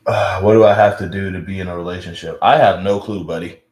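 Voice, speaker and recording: A man's voice: sits low, steady tone, quick pace, a little mellow. Rambling young man in an echoey room. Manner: rambling, many restarts and fillers. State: feeling unwell. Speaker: livestream host. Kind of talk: casual live-stream chat.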